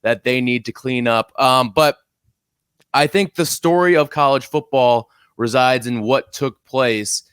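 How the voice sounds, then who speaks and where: A man co-hosts a college football podcast in casual sports chat, upbeat and teasing his co-host in banter. His mid-range voice is fairly bright and clean, unhurried, with clean studio sound and no room sound.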